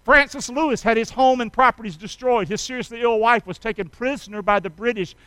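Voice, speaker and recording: A man preaching a sermon, prompting his congregation to answer back, dropping soft and low at times and then bursting out loud. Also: brisk, clean tone, no echo, rough recording. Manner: swings from soft and low to sudden loud shouts. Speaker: pastor.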